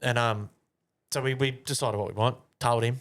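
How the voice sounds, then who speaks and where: A man's voice: mid-range voice, fairly even intonation, normal speed, fairly bright tone. A young man telling a long, rambling story on a casual podcast chat, with plenty of swearing. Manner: swears a lot, rambling anecdote. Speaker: podcast co-host.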